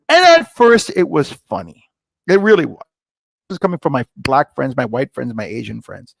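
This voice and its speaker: A middle-aged man telling stories in a casual interview, animated and acting out dialogue, often jumping up in pitch. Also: fairly quick, vocal fry, dry recording, rough recording. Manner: animated, jumps to high excited pitch when retelling; many fillers and restarts, acts out quoted dialogue. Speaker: guest, scotch brand founder.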